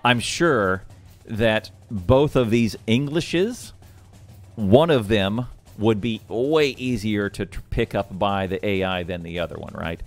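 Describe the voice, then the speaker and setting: Low-voiced man thinking aloud. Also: takes it slowly, faint music behind. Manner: thinking aloud, rambling with restarts. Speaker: guest host. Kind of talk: casual podcast chat.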